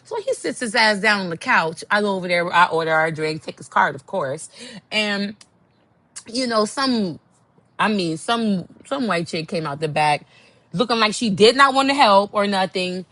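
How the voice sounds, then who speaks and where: A woman's voice: medium pitch, moderate pace, dry recording. Sassy woman telling a dating story. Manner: animated, sassy, acts out quotes. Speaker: podcast host. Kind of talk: casual storytelling monologue.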